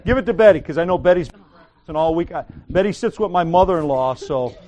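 Higher-voiced man teaching a Bible class. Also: fast, mellow. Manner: joking, conversational, encouraging.

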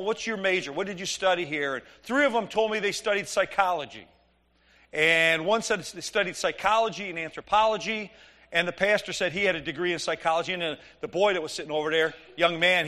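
A middle-aged man preaching, telling an animated, joking story and acting out the dialogue. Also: high voice. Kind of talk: sermon storytelling.

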